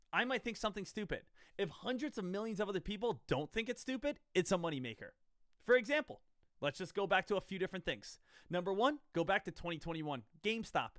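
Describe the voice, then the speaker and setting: Rambling, higher-voiced trader in his thirties. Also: expressive, a little fast, fairly bright tone, no echo, clean studio sound. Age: 30s. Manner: rambling, repeats himself, quizzes the audience. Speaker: stock trading streamer. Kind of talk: casual live-stream talk to viewers.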